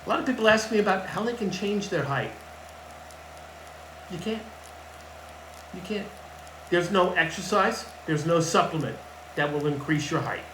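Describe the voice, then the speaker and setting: Blunt male fitness coach who hammers home his points, a little higher-pitched, recorded in a roomy space. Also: lively intonation, normal speed, long pauses, fairly bright tone, slight background noise. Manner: blunt, emphatic, repeats key points. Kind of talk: casual advice talk to camera. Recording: echoey room with faint ambience.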